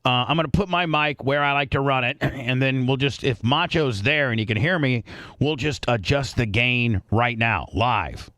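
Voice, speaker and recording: Halting, fussy male radio host, dry studio. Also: mid-range voice, fairly bright tone, dry recording. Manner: fussy, restless, halting with many restarts. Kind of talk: casual on-air chat about mic levels. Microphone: studio microphone.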